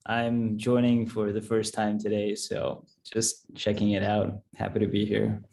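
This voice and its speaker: A man's voice: lowish voice, monotone, unhurried, creaky, mellow, rough recording. A man who is joining a club meeting as a first-time guest over a video call, easygoing and laughing.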